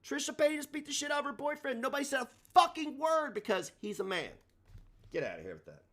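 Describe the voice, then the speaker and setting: A man hosting a livestream, ranting in a combative, profane way, his delivery swinging between loud and soft. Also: very high-pitched, big pitch swings, fast talker. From United States. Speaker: livestream host.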